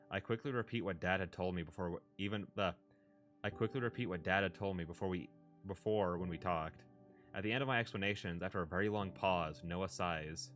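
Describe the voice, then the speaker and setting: A man's voice: low-pitched, brisk, a bit bright, soft background music. A man reading a story aloud in plain first-person narration with small stumbles. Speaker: story reader.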